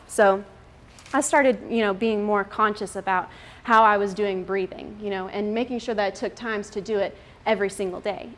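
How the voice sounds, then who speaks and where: A woman in her thirties giving a chatty talk to a group of mothers, laughing often and using many fillers. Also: mid-range voice. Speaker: speaker at a moms' group. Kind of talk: casual talk to an audience.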